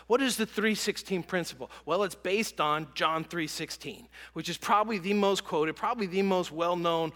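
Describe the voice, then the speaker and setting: A middle-aged man preaches a sermon in a conversational, storytelling way, with frequent fillers and restarts. His voice sits high and sounds bright and forward. The sound carries a long reverb from a large hall. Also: moderate pace, few pauses. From American South. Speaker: pastor.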